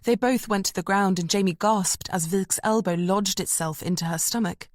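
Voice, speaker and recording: A woman audiobook narrator reading a thriller in a measured, tense storytelling manner. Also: medium pitch, no room sound, studio quality. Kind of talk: scripted narration.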